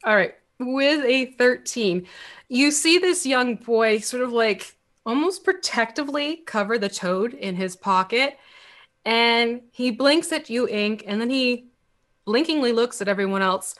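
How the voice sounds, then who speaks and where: Brisk young woman game master. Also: a little high, lively intonation, a bit bright. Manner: quick, casual, with fillers. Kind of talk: narrating a tabletop game.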